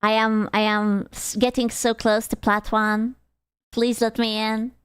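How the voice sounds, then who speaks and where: A woman's voice: a little high, little pitch movement, unhurried, clean tone, no room sound, clean studio sound. A woman streaming live who chats casually with her viewers, swearing freely, answering chat questions and mocking herself in a playful way, heard through a desktop mic. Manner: complaining and playfully self-mocking.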